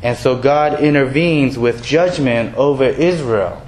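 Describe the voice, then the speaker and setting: A man's voice: medium pitch, measured pace, a little mellow, slight background noise. A man preaching a sermon in a conversational way, mixing scripture with everyday examples and playful voiced quotes. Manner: conversational, self-deprecating, acts out quoted voices. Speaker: pastor.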